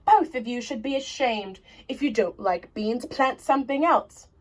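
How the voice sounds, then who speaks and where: A woman's voice: a little high, expressive, moderate pace, poor audio. A woman voicing a bossy giant housewife who scolds in an emphatic storybook reading. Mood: exasperated.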